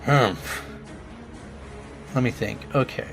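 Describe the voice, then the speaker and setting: A man's voice: medium pitch, slow pace, creaky, a bit bright, faint music behind. A man playing a game and trying out character voices, chatting casually in a self-deprecating way.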